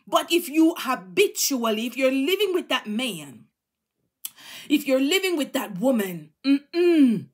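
A woman's voice: high voice, big pitch swings, measured pace, slightly rough. A middle-aged woman preaching a sermon in a fervent, exhorting way, repeating phrases for emphasis.

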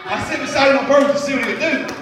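A male evangelist preaching fervently, swinging from shouted praise to quiet storytelling with laughing asides. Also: very high voice, very fast, noisy background. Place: church sanctuary. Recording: echoey church hall, mic at a distance.

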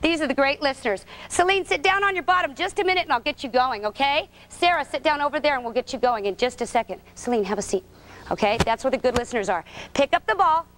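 A woman's voice: high voice, lively intonation, quick pace, fairly bright tone, slight background noise. A woman coaching a preschool gymnastics class, giving short, sing-song, encouraging directions to small children in a gym. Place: indoor gym.

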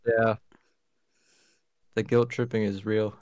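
An Australian man in casual podcast chat, animated and teasing. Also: fairly low pitch, slow, no room sound. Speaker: podcast co-host.

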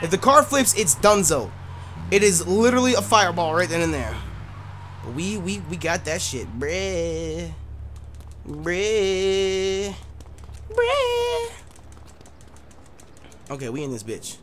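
A gaming streamer giving casual, profane let's-play commentary, yelling in frustration and muttering to themselves between outbursts. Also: mid-range voice, very animated, slow pace, pauses often, slight background noise. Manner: profane, yells in frustration then mutters to self. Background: game music.

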